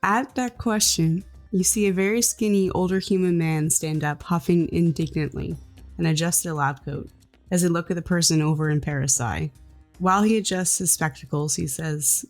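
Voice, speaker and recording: A woman's voice: fairly low pitch, normal speed, a little mellow, soft background music. A woman narrating as game master of a tabletop game in a casual, filler-laden way.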